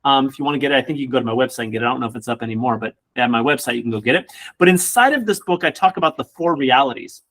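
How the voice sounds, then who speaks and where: A man who works as a real estate coach, giving an energetic motivational class with casual joking asides. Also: medium pitch, rapid-fire. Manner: energetic, acts out quoted people in voices.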